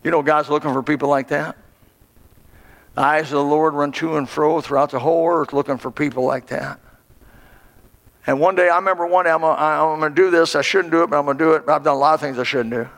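A male pastor preaches with impassioned, swelling emphasis. His voice sits high for a man and carries a gravelly edge. The long reverb of a church hall rings behind every phrase. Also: fairly even intonation, fast talker, a bit bright. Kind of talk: sermon. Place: church sanctuary.

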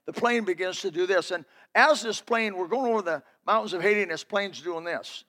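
A man's voice: high-pitched, a little fast, pushed and bright. A man preaching a sermon, telling folksy personal stories in an emphatic, building delivery.

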